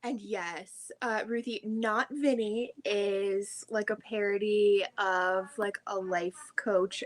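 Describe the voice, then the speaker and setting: A woman's voice: mid-range voice, fairly even intonation, slow pace. Woman, mid-range voice, bubbly, laughing, casual livestream guest. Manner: bubbly, laughs between phrases, says "like" often. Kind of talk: casual live-stream chat.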